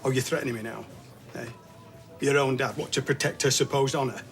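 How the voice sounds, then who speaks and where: A man's voice: mid-range voice, fairly even intonation, a little fast, soft background music, natural voice. A middle-aged actor playing a blunt, scornful father who talks in a crude, cutting way to his grown son. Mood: stern.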